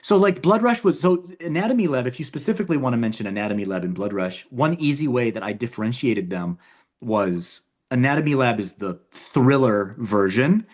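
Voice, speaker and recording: In a casual interview, a filmmaker guest describes his own work in a mid-range, darkish voice at a fairly quick clip. He's animated, often repeating words and beginning sentences again.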